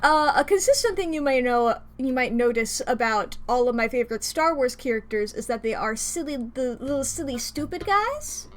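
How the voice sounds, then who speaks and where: Young woman, rambling gameplay chat, fairly high pitch, faint music behind. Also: lively intonation, moderate pace, few pauses. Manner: rambling and chatty, laughs often. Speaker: streamer.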